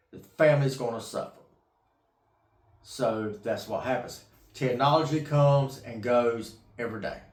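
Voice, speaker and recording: A man's voice: medium pitch, roomy sound. A middle-aged man rambling casually about investing, folksy and repetitive, tired from an early start. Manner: rambling, folksy, repeats himself, casual swearing. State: tired from getting up at 3 a.m. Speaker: investing vlogger. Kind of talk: rambling casual monologue to camera.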